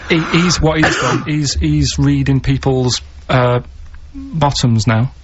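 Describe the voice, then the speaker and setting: Man, deadpan and halting, radio studio, dull sound, faint hiss. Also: mid-range voice. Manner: slow, halting, deadpan storytelling. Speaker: radio show regular telling odd stories. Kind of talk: casual radio chat.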